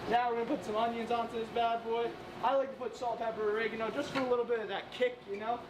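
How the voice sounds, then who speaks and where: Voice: medium pitch, flat delivery, fast. Chatty sandwich worker in an echoey shop. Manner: chatty, explains step by step. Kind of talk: casual how-to demonstration. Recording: echoey room, from far off, with noise.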